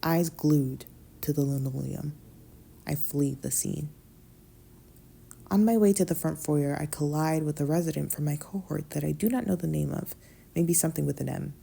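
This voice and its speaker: A woman narrating a first-person novella as an audiobook reader, in a subdued, quiet delivery that sometimes drops to a whisper. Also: deep voice, normal speed, gravelly, breathy edge.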